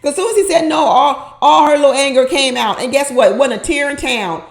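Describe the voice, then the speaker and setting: Emphatic, slightly high-voiced woman commentator. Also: brisk. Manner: emphatic, repeats points for effect; opinionated, asks the viewer rhetorical questions. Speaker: reality TV commentator. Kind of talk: casual reaction commentary.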